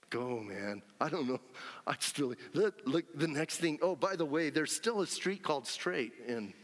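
A man preaching a lively, animated sermon as pastor, acting out scenes and whooping with joy. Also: fairly high pitch. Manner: animated, acts out scenes, frequent shouts of joy. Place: church sanctuary. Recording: long hall reverb.

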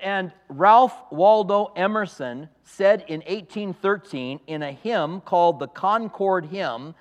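A man's voice: high voice, slow, in a large hall, lo-fi sound. A man preaching a sermon as a pastor, emphatic and conversational, with asides to the congregation. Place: church sanctuary.

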